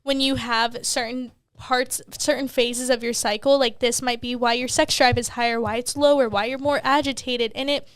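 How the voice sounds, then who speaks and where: A woman's voice: on the high side, steady tone, normal speed, hardly any pauses, fairly bright tone, dry recording, studio quality. A young adult woman co-hosting a podcast from home, chatting candidly and laughing often, with frequent swearing. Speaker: podcast co-host. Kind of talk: casual chat. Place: at home, children heard downstairs.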